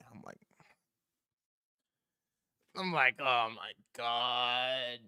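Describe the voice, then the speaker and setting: A young man in his twenties hosting a stream, telling a story in casual talk, profane and animated, switching voices for the people he quotes. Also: medium pitch, drawn-out words, long pauses, smooth, dry recording, studio quality. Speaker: stream host.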